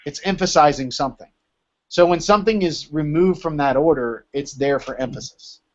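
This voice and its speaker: A man's voice: a little high, moderate pace, a little mellow. A man teaching a Greek class in a casual lecture style, often checking in with "right?" as he explains. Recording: dull lo-fi recording.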